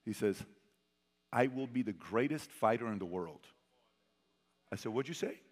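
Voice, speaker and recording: A man telling a personal story to a live audience as a motivational speaker. He quizzes the crowd and swings between loud bursts and hushed asides. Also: fairly low pitch, lively intonation, moderate pace. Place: large hall with an audience. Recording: long hall reverb.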